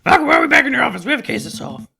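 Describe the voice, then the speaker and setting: A man's voice: very high-pitched, big pitch swings, gravelly, bright, forceful tone, soft background music, heavily acted. A man voicing a cheeky male sparrow lawyer who teases and cracks puns. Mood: teasing. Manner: jokey, teasing, quick. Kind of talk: let's play character voicing.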